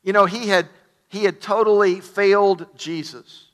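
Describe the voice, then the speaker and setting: A man's voice: sits high, steady tone, measured pace, a bit bright. A middle-aged man preaching a sermon as pastor, telling the story with enthusiasm and stammered restarts.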